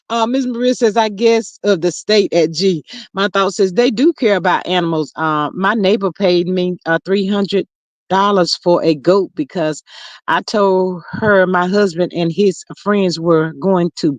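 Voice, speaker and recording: Chatty livestream host, gossipy and rambling, mid-pitched voice, close and dry recording. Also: dry recording. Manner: gossipy and chatty, full of fillers and drawn-out asides. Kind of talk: casual livestream chat, reading viewer comments. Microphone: streaming mic close up.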